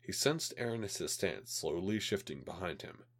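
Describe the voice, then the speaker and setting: A man reading a science fiction story aloud, with lively, dramatic storytelling, while slightly ill. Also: sits low, moderate pace. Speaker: narrator. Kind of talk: amateur audiobook reading of sci-fi story.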